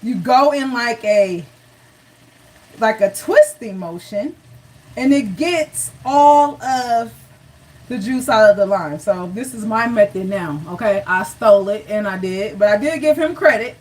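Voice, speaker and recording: A woman's voice: mid-range voice, animated, measured pace, a little mellow, distant mic, low-quality recording. A woman hosting a live cooking show, chatty and encouraging, talking straight to her viewers.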